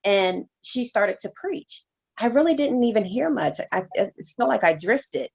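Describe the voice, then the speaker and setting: A woman reverend telling her personal testimony as an interview guest, in a halting, heartfelt way with many restarts. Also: medium pitch, big pitch swings, creaky, darkish tone, slightly rough, dull audio.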